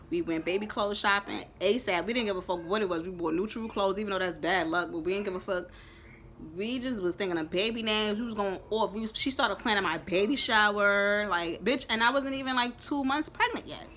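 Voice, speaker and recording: A young woman telling a storytime in a lively, profane, emphatic way. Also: mid-range voice, a little hiss or hum. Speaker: vlogger. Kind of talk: storytime chat.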